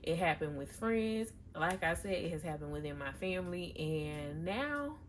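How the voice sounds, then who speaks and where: A woman's voice: fairly low pitch, animated, normal speed, slight background noise. Candid chatty young woman vlogging. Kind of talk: casual personal vlog.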